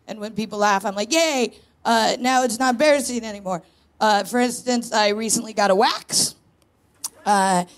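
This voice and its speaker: A woman in her thirties doing a confessional, self-mocking stand-up set on a live stage, telling stories with punchy asides. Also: on the high side. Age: 30s. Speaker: stand-up comedian, co-host. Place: live stage in a tent venue before an audience.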